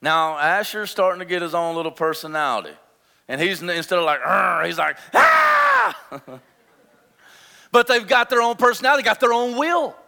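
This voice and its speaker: A man in his thirties preaching a sermon as pastor, with emphatic repetition, swinging between forceful declarations and hushed, intense asides. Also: high-pitched, lively intonation, brisk, smooth, long reverb tail.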